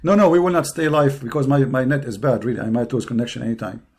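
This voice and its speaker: A man with a hoarse voice hosting a live online show, delivering a heated, taunting monologue full of repeated insults and challenges. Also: medium pitch, fast talker, a little mellow. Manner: taunting, confrontational, repetitive insults. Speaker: online debate show host. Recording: live stream over a poor connection.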